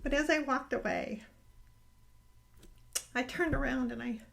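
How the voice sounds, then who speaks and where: A middle-aged woman telling a personal faith story in a casual, earnest way, growing emotional and halting with restarts. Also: high-pitched, vocal fry, a bit bright. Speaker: podcast host sharing a personal faith story.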